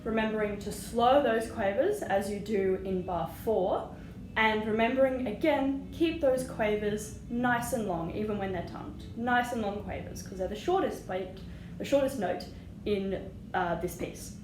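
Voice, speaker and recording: A woman's voice: medium pitch, measured pace. A woman teaching flute, patient and encouraging, singing rhythms aloud as she explains. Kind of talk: music lesson. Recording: echoey room with audible noise.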